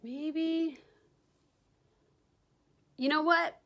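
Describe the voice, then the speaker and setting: A woman's voice: high voice, fairly even intonation, very slow, a bit bright. A young woman vlogging casually at home into the camera mic, chatty and rambling with lots of likes and ums. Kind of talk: casual vlog chat to camera.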